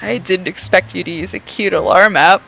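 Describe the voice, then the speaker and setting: A woman's voice: fairly low pitch, normal speed, creaky, fairly bright tone, soft background music, rough recording. A young woman streaming a romance game, reading narration and her own lines aloud and chatting between them.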